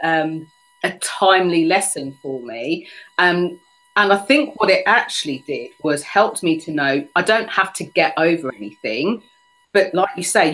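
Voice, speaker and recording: A woman's voice: fairly low pitch, a bit bright, rough recording. Reflective woman hosting a podcast. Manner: reflective, storytelling. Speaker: podcast host. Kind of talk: conversational interview.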